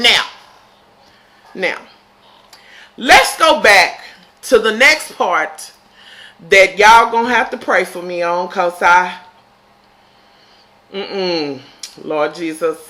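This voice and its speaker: A woman casually recapping a TV episode, swearing freely and shouting in disbelief. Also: fairly high pitch, animated, measured pace. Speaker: TV episode reviewer.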